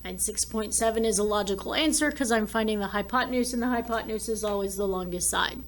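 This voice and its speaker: A woman's voice: mid-range voice, quick pace, slight background noise. A woman teacher walking through math problems in a recorded lesson, thinking aloud as she draws and works them out. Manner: talks while drawing and working problems aloud.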